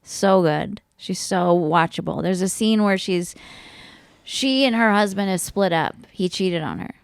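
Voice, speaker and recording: A woman's voice: on the low side, measured pace, gravelly, smooth, no echo. A woman guest in casual podcast chat, enthusiastically describing a favorite film scene.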